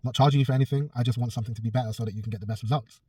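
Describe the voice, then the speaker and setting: A man's voice: medium pitch, fairly even intonation, rapid-fire, warm tone, slightly rough, no room sound, far from the mic. A man, a personal trainer telling a story in a casual vlog, blunt and swearing freely. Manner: blunt, swears a lot, acts out both sides of a quarrel.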